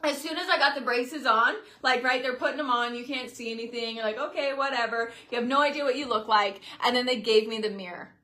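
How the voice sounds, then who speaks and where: A woman in her late twenties talking casually to her followers, chatty and expressive, acting out her own past reactions as she tells a personal story. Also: on the high side, fast talker, few pauses. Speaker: social media creator. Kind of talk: casual talking-to-camera vlog.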